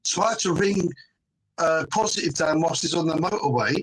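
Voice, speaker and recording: A man's voice: fairly high pitch, brisk, slight background noise. A middle-aged man, a guest on a fan panel, arguing emphatically in casual chat, forever tossing in "mate" and "right?". He is joining over a phone call.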